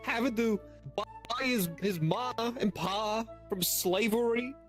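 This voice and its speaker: A woman's voice: medium pitch, takes it slowly, faint music behind, natural voice. A woman voicing a fretful older mother with a Jersey-ish accent, melodramatic and wailing about her son. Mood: woeful.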